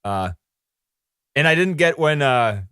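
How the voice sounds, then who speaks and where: A man with a somewhat high voice rambles and jokes through a film discussion in relaxed podcast chat. The recording is dry and close. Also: takes it slowly, clean tone, no echo. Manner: rambling, joking. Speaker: podcast co-host.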